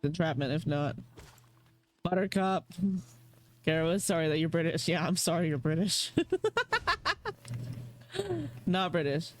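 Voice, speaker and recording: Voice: medium pitch, fairly even intonation, unhurried, long pauses. A young adult streamer giving casual live commentary while playing and chatting with viewers, swearing freely, laughing often and rambling in a jokey way. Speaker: game streamer. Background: faint game music.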